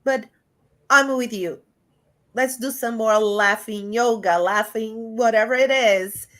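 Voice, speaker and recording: A woman giving a lively spiritual talk over a video call, animated and often laughing, with big jumps in pitch. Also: takes it slowly. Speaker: guest speaker.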